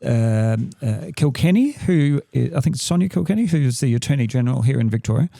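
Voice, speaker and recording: Australian male co-host, gravelly and mellow, dry close sound, animated and emphatic. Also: medium pitch, a little fast, no echo. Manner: animated, emphatic, with frequent restarts. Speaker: podcast co-host, deception expert. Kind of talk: casual podcast chat.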